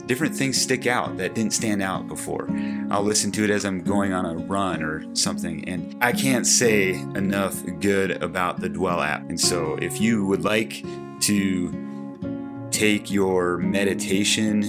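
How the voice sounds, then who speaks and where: A young man with a very low voice talks through his thoughts slowly and carefully, often restarting his sentences. A loud plucked guitar plays behind him the whole time. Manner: thoughtful, hesitant, frequent restarts and "like". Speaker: podcast host. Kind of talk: casual reflective podcast talk with a read ad. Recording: music playing behind the voice.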